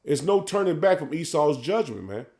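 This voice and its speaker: A man preaching, tagging "man" onto his lines and reading scripture slowly and loudly. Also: a little high, very animated. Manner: fervent, says "man" after nearly every line; reads verses slowly and loudly. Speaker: street preacher.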